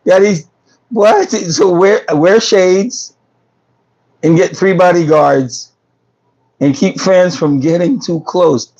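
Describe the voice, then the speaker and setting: Speaking slowly and pausing often, this man's high-pitched voice has a darkish tone, muffled by the phone he records on. He's a New Yorker hosting a casual food truck business livestream, reading comments and joking and laughing with viewers while losing his voice.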